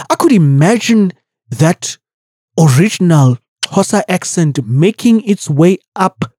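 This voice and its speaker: A woman's voice: low voice, no room sound, studio quality. A woman hosting a podcast, brash and profane in comedic commentary. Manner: brash, profane, animated storytelling. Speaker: podcast host.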